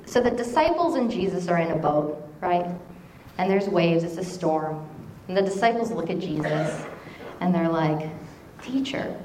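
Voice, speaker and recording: A woman preaching a sermon in a conversational, animated way, telling stories and quoting scripture. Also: fairly low pitch, roomy sound, a little hiss or hum, rough recording.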